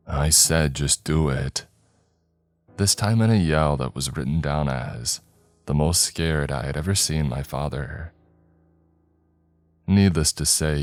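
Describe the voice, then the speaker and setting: A man narrating a horror story in a slow, measured storytelling voice. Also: a bass voice, a little mellow, dry recording. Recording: dry close mic, faint background music.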